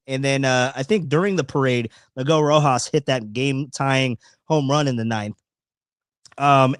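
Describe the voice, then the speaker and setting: A man hosting a live sports talk stream, telling a story in a rambling, animated way, swearing and restarting often. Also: a little high, no room sound, studio quality. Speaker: podcast host. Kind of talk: casual live-stream chat.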